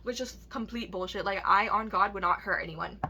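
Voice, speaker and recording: Bright-voiced young woman ranting a storytime. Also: medium pitch, fairly quick. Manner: candid, heavy swearing, many fillers and tag questions. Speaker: vlogger. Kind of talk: casual storytime rant.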